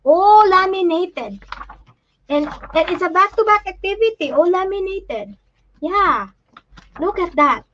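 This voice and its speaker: A woman hosting a casual live chat, talking in a halting, emotional way with many restarts while she shows things to the camera. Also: very high voice, animated, a bit bright, muffled recording, slight background noise. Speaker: livestream host and parent.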